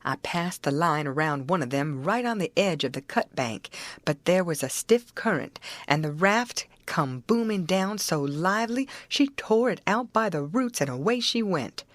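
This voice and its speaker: A woman reads a classic novel aloud in a lively, animated way, her fairly low voice rising and falling through the first-person story. She uses a rural dialect throughout, and the recording is close and dry. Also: moderate pace, dry recording. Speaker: audiobook narrator. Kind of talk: audiobook narration of a classic novel.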